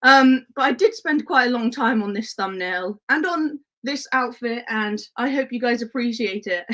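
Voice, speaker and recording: A woman's voice: fairly high pitch, lively intonation, a little slow, bright, forceful tone, rough recording. A young woman chatting on a football live stream, giggly and reading out chat messages.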